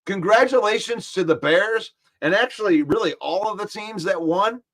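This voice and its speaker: A man with a high-sitting voice and normal pacing hosts a relaxed live-stream football talk show. He voices viewers' comments and then argues against them, staying animated and defensive throughout.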